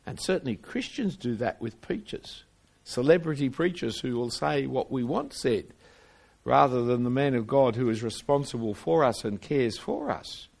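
An older man preaching a sermon, emphatic, asking rhetorical questions and swinging widely in pitch and loudness. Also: lively intonation, normal speed, creaky.

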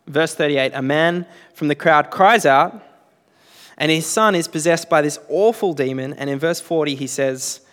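A man's voice: on the high side, moderate pace, fairly bright tone. A man, preaching a sermon in a conversational way with frequent "uh" fillers. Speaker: pastor. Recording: long reverb in a hall.

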